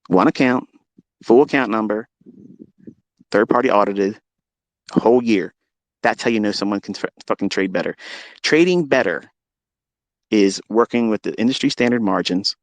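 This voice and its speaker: A man's voice: fairly low pitch, dry recording. Profane, combative man ranting. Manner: profane, confrontational, boastful. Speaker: trading mentor hosting a live audio room. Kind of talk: unscripted live audio rant.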